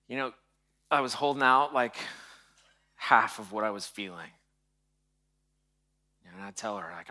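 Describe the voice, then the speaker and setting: A pastor in his forties giving a sermon, telling a personal story in a hushed voice and then preaching more loudly. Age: 40s. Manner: soft and hushed while telling a personal story, louder and higher when preaching.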